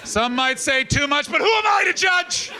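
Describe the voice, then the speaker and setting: A man in his thirties performing stand-up on a club stage, his voice pitched high for a man. He tells stories with animated swings into mock sobbing and quick character voices. Clear audience laughter and room noise sit behind him. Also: shouting, crowd noise. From Canada. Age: 30s. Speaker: stand-up comedian. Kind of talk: stand-up comedy storytelling. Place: live comedy club stage.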